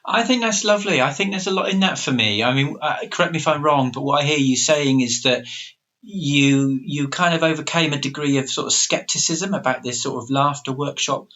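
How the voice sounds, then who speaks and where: A man's voice: a little high, fairly quick, fairly bright tone. A middle-aged man co-hosting a podcast, speaking in a thoughtful, hesitant way with many fillers. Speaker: podcast co-host, coach. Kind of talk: reflective podcast discussion. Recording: dull lo-fi sound.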